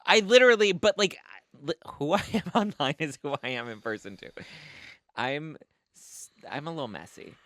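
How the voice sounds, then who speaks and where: A man's voice: on the high side, expressive, moderate pace, pushed and bright, no echo. A man co-hosting a podcast in a sassy, gossipy casual chat. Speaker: podcast co-host.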